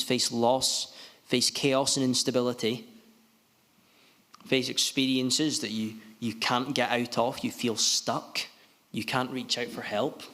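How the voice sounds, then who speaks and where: A man preaching a sermon in an earnest, halting way, often restarting his sentences. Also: medium pitch, fairly bright tone. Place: gospel hall. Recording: long hall reverb.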